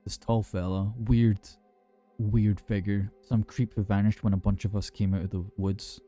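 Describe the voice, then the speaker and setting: A drunk, rattled young man, played by a male narrator, slurs and rambles with plenty of swearing. His voice is low-set, dark and mellow, and faint music sits behind this horror storybook reading. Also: little pitch movement, normal speed, natural voice. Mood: shaken.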